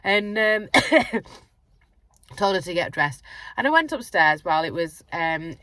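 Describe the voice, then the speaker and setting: A middle-aged woman, a sleep coach and mum, chatting casually and tiredly to camera from her car, animated and quick to laugh. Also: lowish voice, no echo. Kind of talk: casual vlog chat. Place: parked car.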